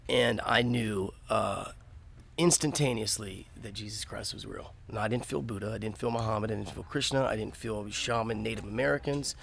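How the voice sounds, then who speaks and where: A middle-aged man with a gravelly, fry-laden voice, talking earnestly in a casual podcast interview. He stresses his points hard and often restarts his sentences. Faint room ambience hums behind him. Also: lowish voice, normal speed, fairly bright tone, slight background noise. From Texas panhandle. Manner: earnest, emphatic, with many restarts. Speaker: podcast guest, musician.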